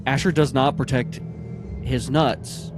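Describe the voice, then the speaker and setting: A player in a tabletop game who checks the rules aloud and tosses in quick asides, often chuckling. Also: medium pitch, fairly even intonation, music in the background. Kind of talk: playing a tabletop game, casual.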